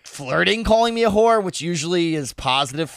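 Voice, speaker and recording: A man's voice: sits high, lively intonation, fairly quick, creaky, a bit bright, clear, resonant tone, dry recording, studio quality. A man telling a wild party story in casual chat, laughing and swearing freely.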